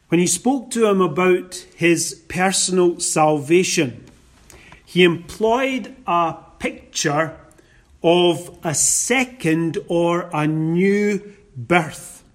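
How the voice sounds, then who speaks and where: A man preaching a sermon, quoting scripture and stressing his points with slow emphasis. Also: fairly high pitch.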